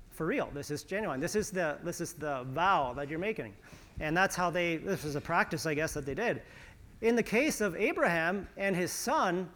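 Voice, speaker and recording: Male pastor, high voice, chatty sermon delivery with restarts. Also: fairly bright tone. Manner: conversational preaching with restarts and sarcasm.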